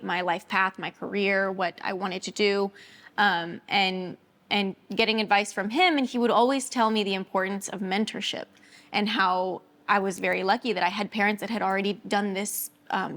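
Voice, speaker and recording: A young adult woman opens a podcast in an ordinary mid-range voice. She speaks in a measured, slightly hesitant way, and faint music plays underneath. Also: mid-range voice, fairly bright tone. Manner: measured, hesitant, with fillers and restarts. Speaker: podcast host. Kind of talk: guest introduction and podcast opening.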